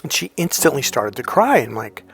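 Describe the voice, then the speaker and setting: A man's voice: medium pitch, big pitch swings, normal speed, a bit bright. Profane, emphatic male dating coach. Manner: profane, emphatic, repeats "here's the deal". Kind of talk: storytelling advice monologue.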